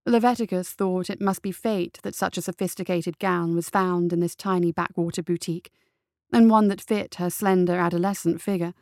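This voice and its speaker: A woman reading a dark adventure story aloud as its narrator, with a steady, even storytelling delivery. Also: fairly low pitch, dry recording, clean studio sound.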